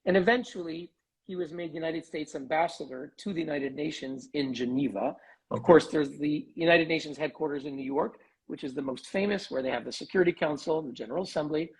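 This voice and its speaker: A man giving an articulate, measured interview as a human rights advocate over a video call. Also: fairly high pitch, breathy edge, low-quality recording. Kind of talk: live online interview.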